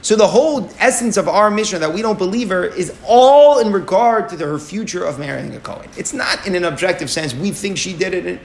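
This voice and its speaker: A man's voice: sits high, animated, fairly quick, gravelly, few pauses. A man teaching a Talmud lesson, explaining step by step and asking and answering his own questions, with Aramaic and Hebrew terms mixed in.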